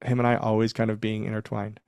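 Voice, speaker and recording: A man's voice: lowish voice, quick pace, clear, resonant tone, no room sound. A man in his forties, a former wrestler, telling backstage stories in a casual interview, acting out quotes and laughing often. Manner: animated storyteller, acts out quotes, laughs often.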